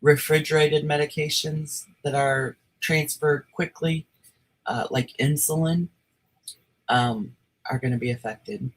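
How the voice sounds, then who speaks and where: A woman hosts her livestream in a loose, easy chat, drawing out her words at a slow, unhurried pace. She breaks into giggles and laughter often. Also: sits low, fairly even intonation, poor audio. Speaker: streamer host.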